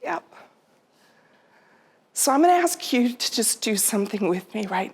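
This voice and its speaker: Middle-aged woman, pitched a bit high, giving a heartfelt storytelling talk to a live audience. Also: very animated, measured pace, pauses often, husky. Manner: heartfelt, quotes her own and her mother's words in her own voice. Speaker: speaker. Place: theater stage.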